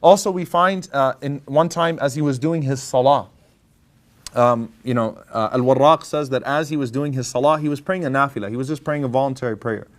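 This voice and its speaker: Male lecturer, mid-pitched voice, casual storyteller who acts out quotes and mixes in Arabic phrases. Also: a little fast. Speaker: imam giving a lecture.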